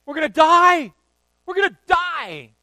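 A man acting out frightened adult fishermen who panic and shout in a storm. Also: extremely high pitch, animated, unhurried, dry recording, voice pushed up, full character voice. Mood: panicked. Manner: frantic shouting.

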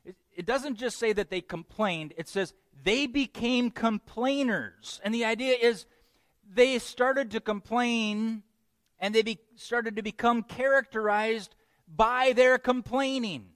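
Higher-voiced man preaching. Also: measured pace, no echo. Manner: lively, joking teaching with playful asides. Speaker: pastor. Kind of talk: sermon.

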